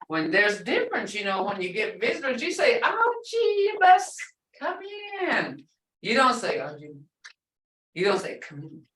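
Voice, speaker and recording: A middle-aged woman teaching a language class, explaining patiently and repeating words slowly. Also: on the high side, fairly bright tone. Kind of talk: online language lesson. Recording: roomy sound from a distance.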